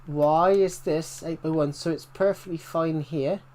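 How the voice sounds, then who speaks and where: A man's voice: on the high side, steady tone, measured pace, darkish tone. A young British man chatting casually while live-streaming a game and reading out viewer comments, rambling with restarts and mild swearing. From Britain.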